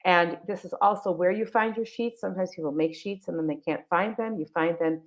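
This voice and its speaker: A woman's voice: on the low side, a little fast. Chatty woman presenting a webinar. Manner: chatty, enthusiastic, many fillers and restarts. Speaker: webinar presenter for a text library. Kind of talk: live webinar walkthrough. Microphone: video call. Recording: dull lo-fi video call audio.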